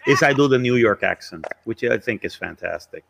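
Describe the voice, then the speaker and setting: Gravelly-voiced Puerto Rican man chatting. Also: medium pitch, lively intonation, a little fast, fairly bright tone, slight background noise. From Puerto Rico. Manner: rambling, jokey, breaks into impressions. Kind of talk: casual chat.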